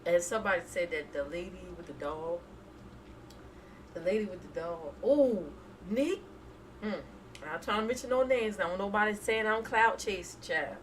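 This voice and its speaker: A woman's voice: mid-range voice, moderate pace, far from the mic, slight background noise, low-quality recording. A woman hosting a casual live stream, chatting and laughing as she reads viewer emotes aloud. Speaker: reaction streamer.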